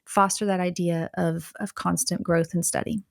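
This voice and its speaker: A woman co-hosting a podcast, explaining ideas in a thoughtful way, with pauses and fillers. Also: fairly low pitch, level tone, creaky, dry recording, clean studio sound. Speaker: podcast co-host. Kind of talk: conversational podcast discussion.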